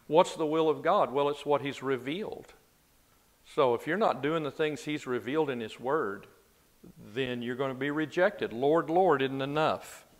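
A man at a mid-range pitch leads a Bible class in a loose, conversational way and puts questions to his listeners. His voice carries a long reverb from a large room. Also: moderate pace.

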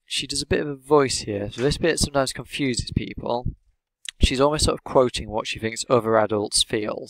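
A male English teacher talking through a lesson in a measured, steady, explanatory way. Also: lowish voice, no room sound, poor audio.

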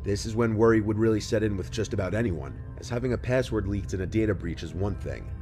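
A man reading a scripted true-crime narration in a steady, even manner. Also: on the low side, fast talker. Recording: narration over clear background music.

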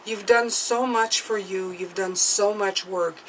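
A woman giving a tarot reading to her viewers, speaking gently and reassuringly and often checking in with "okay?". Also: mid-range voice, steady tone, a little slow, a little hiss or hum, poor audio. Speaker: tarot reader.

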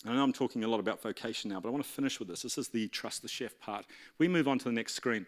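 Rattling along at a rapid-fire clip, a man with a medium-pitched voice preaches in church. The pastor tells his story with animation, playing out each character's lines in a storytelling sermon.

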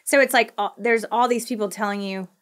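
A middle-aged woman with a Southern US accent, chatting as a podcast guest, quick-talking and often laughing. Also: medium pitch, steady tone. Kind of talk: casual conversational interview.

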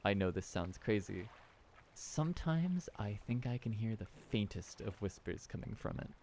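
A man voicing an unseen courier in a game, speaking low, hushed and slow. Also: expressive, slight background noise. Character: hidden mysterious courier behind a door, any sex.

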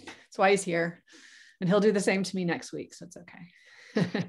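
A woman's voice: medium pitch, steady tone, moderate pace, a little hiss or hum. A woman co-hosting an online professional development session for teachers, presenting enthusiastically with frequent fillers. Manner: enthusiastic, with many fillers and restarts. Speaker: educator webinar co-host.

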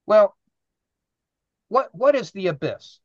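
A man's voice: sits high, very animated, slow pace, dry recording, dull audio. A man leading an informal Bible study, explaining scripture earnestly and putting questions to the group.

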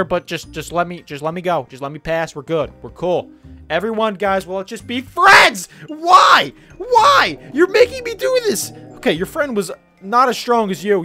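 A young man hosting a game video, excitable commentary that jumps from yelps to whispers. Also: high-pitched. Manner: excitable, yelps and shouts when attacked, drops to whispers when sneaking. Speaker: gaming channel host.

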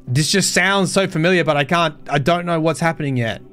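A man's voice: a little high, fairly quick, fairly bright tone. Chatty man streaming lore, faint music. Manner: chatty, swears, thinks aloud. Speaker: streamer reading game lore. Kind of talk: reading lore aloud with casual reactions.

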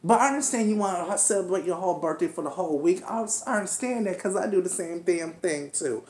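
A woman in her twenties rants through a TV recap, brash and profane, hammering her points again and again. Her voice sits low for a woman. The room around her is echoey. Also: quick pace, a little hiss or hum. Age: 20s. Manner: brash, profane, animated ranting with repeated jabs. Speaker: reality show recap host. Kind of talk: ranting commentary on a TV episode.

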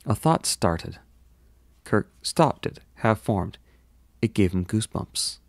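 A male hobby reader narrates a science fiction novel in a steady manner, now and then stopping for self-deprecating asides. His voice sits on the low side, recorded close and dry with no room sound. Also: slow pace, vocal fry, long pauses, no echo. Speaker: audiobook reader. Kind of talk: amateur novel reading.

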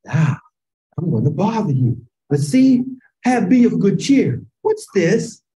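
Animated woman teaching in call-and-response. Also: medium pitch, rough recording. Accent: Chicago. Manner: call-and-response questioning, drawn-out emphasis, rising to shouts. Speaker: Bible class teacher. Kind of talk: interactive Bible class over video call. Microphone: video call.

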